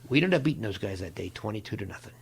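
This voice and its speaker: An older man, a guest in an interview, telling stories in a folksy, animated way, with a gravelly, husky voice. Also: fairly low pitch, racing. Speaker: interview guest, longtime equipment manager. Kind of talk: storytelling in a conversation.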